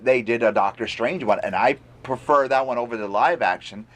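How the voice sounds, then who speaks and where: A man's voice: medium pitch, a little fast, a bit bright. A man co-hosting a casual pop culture chat, rambling with frequent stumbles and restarts. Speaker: podcast co-host.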